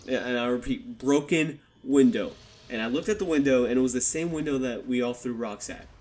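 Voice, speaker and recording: A man's voice: mid-range voice, quick pace, darkish tone. A young man talks straight into a desktop microphone and tells a story from his childhood. He keeps it casual and swears a lot. He slips into the voices of the people in the story as he goes. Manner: casual, swears heavily, acts out quotes. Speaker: YouTuber telling a personal story. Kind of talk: storytime vlog. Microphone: desktop USB microphone.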